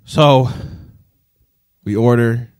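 Animated man telling a story. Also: mid-range voice, extremely slow, no echo, clean studio sound. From Detroit. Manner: animated, profane, keeps checking in with the audience. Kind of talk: casual storytelling to camera.

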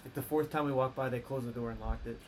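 A man's voice: medium pitch, fairly even intonation, quick pace, background noise. A young man co-hosting a casual sports podcast, laid-back and laughing through his stories. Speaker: podcast co-host.

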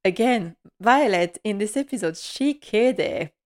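A woman's voice: mid-range voice, lively intonation, measured pace, a little mellow. A woman giving a casual, chatty, gushing recap of a television episode, often laughing as she talks. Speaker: TV recap vlogger.

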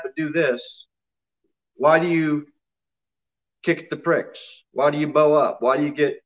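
A man's voice: a little high, normal speed, lo-fi sound. A man preaching a sermon to his congregation in an emphatic way, often asking them questions. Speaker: pastor.

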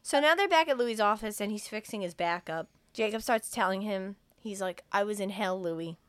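A young woman in casual chat, retelling a movie scene by scene with plenty of laughter. When she quotes a character she breaks into sudden loud, high outbursts. The mic is close and dry. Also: normal speed, clear, resonant tone, no echo. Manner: animated, laughs often, acts out characters' lines in loud raised voices. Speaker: podcast co-host retelling a film.

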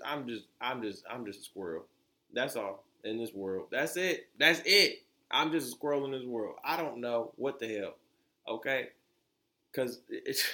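A man's voice: medium pitch, a bit bright. A young man hosting his own podcast, talking bluntly and with lots of profanity, often restarting his sentences. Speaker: podcast host. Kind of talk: opinionated solo podcast talk.

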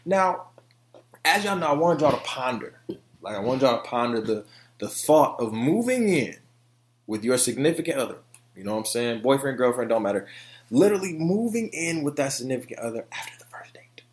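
An animated man hosts his own podcast and talks straight to his listeners. He is loose and profane, with a voice that swings up and down, and he drifts into singing when a song comes to mind. His delivery is relaxed and conversational. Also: mid-range voice, normal speed. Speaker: podcast host. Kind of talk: casual solo podcast talk.

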